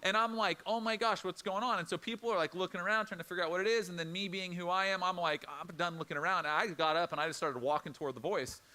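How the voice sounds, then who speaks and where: A middle-aged male pastor preaching a sermon, telling a personal story in an animated, conversational way and acting out the quoted lines. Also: high-pitched, fast talker, few pauses.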